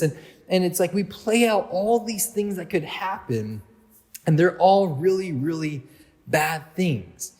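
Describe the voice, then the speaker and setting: Man, youth pastor, youth group sermon, chatty storytelling, fillers, slightly high voice, long hall reverb. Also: animated, slow pace, a little mellow. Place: church hall.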